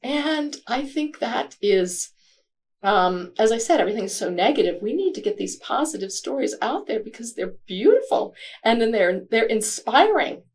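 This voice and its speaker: A woman's voice: a little high, big pitch swings, a little mellow. Reflective woman author in an interview. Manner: reflective, halting with fillers. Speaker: author and guest. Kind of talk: podcast interview answers.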